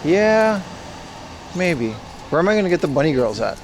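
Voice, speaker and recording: A man's voice: on the high side, big pitch swings, moderate pace, a little hiss or hum. A man hosting a casual outdoor livestream, joking and answering chat questions aloud as he walks city streets. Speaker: livestream host.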